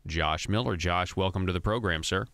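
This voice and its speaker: A man with a low, smooth and resonant voice hosts a talk radio show, recorded dry and close in the studio. He asks his questions casually, with plenty of fillers. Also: moderate pace, a bit bright, no room sound. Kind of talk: radio interview.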